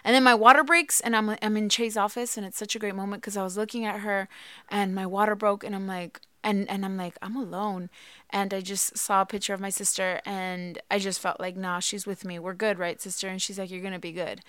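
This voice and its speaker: A woman in her thirties telling a personal story in casual chat, animated and acting out quotes. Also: brisk, clear, resonant tone, no room sound. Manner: animated, acts out quotes with big pitch jumps. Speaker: podcast co-host, mother.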